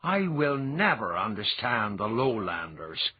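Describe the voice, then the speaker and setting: A man voicing a blunt, hearty clan chief with a husky voice. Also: fairly low pitch, big pitch swings, measured pace, exaggerated voice. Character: gruff blunt clan chief, reformed drinker. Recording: dull lo-fi audiobook recording.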